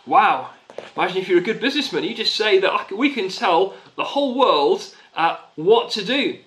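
A man's voice: high-pitched, lively intonation, normal speed, fairly bright tone, rough recording. A man preaching a sermon in a conversational, emphatic way, repeating key phrases and often restarting sentences. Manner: conversational with frequent restarts and fillers.

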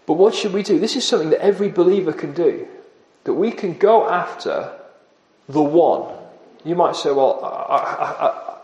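A man's voice: a little high, expressive, moderate pace, darkish tone, echoey room, rough recording. A man preaching an earnest expository sermon, often dropping his voice for emphasis.

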